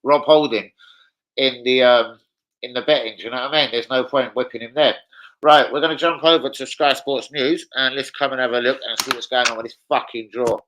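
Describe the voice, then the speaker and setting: A man's voice: medium pitch, steady tone, brisk, a bit bright, rough recording. A man chatting live to viewers about football, with sweary, blunt banter. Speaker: football fan streamer. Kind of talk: casual live-stream chat.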